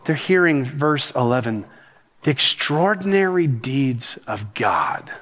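A man, a senior pastor preaching a sermon with rhythm and animated cadence. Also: medium pitch. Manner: rhythmic, animated preaching with talk of speaking fast.

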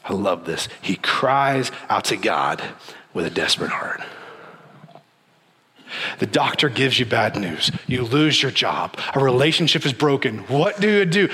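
A man preaching a sermon, with a dramatic delivery that rises and falls and slows down for emphasis. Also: mid-range voice, animated, sharp tone. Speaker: pastor. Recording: long hall reverb.

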